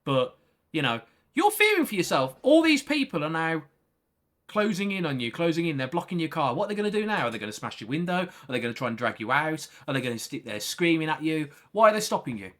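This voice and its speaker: A man commenting on clips during a livestream, ranting in an animated, profane way with lots of rhetorical questions. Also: a little high, fast.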